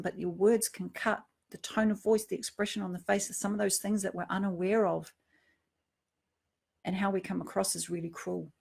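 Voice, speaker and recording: A middle-aged woman giving a reflective personal talk, earnest, dropping to a hush and then rising to emphasis. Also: mid-range voice, gravelly, husky. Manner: earnest, swings from hushed to emphatic. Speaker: speaker on emotional triggers.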